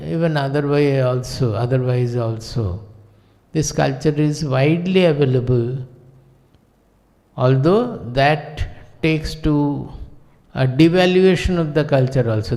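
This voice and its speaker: A man with an Indian English accent gives a spiritual discourse at a very slow, unhurried pace. His voice sits a little above the usual male range. He speaks in measured, deliberate short phrases, and long hall reverb trails each line. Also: on the high side, warm tone. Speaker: spiritual teacher.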